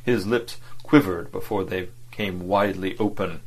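A man narrating a novel as an audiobook reader, in a measured storytelling manner. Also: low-pitched, flat delivery, fairly bright tone, poor audio.

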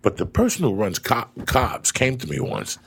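A middle-aged man hosting a casual chat, a profane and animated storyteller with a gravelly, husky voice. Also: mid-range voice, normal speed.

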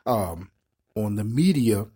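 Husky middle-aged man, preachy commentary. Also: on the low side, animated, takes it slowly, dark tone. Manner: preachy, repeats words while building points. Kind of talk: impassioned live-stream commentary.

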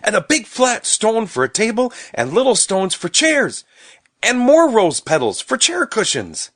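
A man voicing a small, sulky little boy who talks in lisping baby talk and often shouts. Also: mid-range voice, big pitch swings, unhurried, no room sound, studio quality. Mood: childish. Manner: baby-talk lisp, loud.

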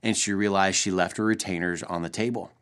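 Pastor guy telling a story, kinda low voice, earnest and gentle. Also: steady tone, brisk, clear, resonant tone. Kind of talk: short devotional talk.

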